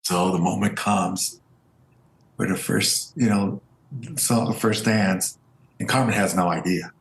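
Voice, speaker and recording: A man with a gravelly, creaky voice tells stories as an interview guest, animated and acting out what others said to him. The room around him sounds roomy and echoey. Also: sits low, measured pace. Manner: animated storyteller, acts out quoted voices. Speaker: interview guest, Air Force veteran. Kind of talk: casual storytelling interview. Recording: roomy echo.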